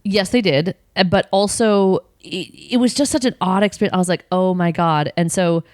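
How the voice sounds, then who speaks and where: A woman guest telling a story in casual chat, animated and swearing freely. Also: fairly low pitch, moderate pace, no room sound, studio quality. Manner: animated, swears freely, acts out her own quoted outbursts. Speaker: podcast guest.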